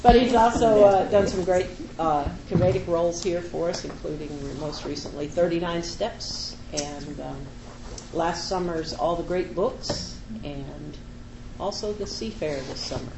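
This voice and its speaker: A woman hosting a theater event, chatty and quick to laugh, introducing the next reader. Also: fairly low pitch, background noise. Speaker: event host. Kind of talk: introducing a speaker. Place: theater with live audience. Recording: echoey room with crowd.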